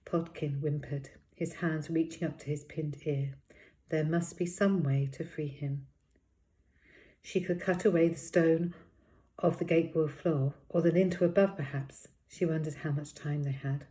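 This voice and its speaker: A woman reads a children's novel aloud, narrating in a steady, expressive way. Her voice sits low and deep for a woman. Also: a little slow. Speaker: storybook reader.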